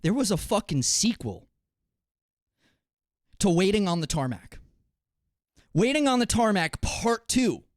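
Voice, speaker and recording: A young man streaming, ranting casually and profanely to his chat, swinging from low muttering to loud exasperated outbursts. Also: very animated, unhurried, pauses often, dry recording, studio quality.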